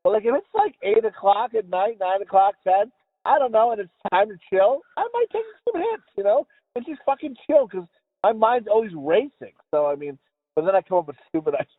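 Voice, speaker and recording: A man's voice: high voice, lively intonation, fairly quick. A man co-hosting a podcast, rambling and mumbling in casual chat, swearing freely. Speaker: podcast co-host. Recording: tinny phone-like sound with a long reverb tail.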